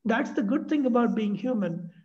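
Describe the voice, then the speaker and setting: A man leading a workshop, explaining ideas in a lively way and acting out anxious inner voices. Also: very high voice, normal speed. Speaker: workshop facilitator. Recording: dull lo-fi sound.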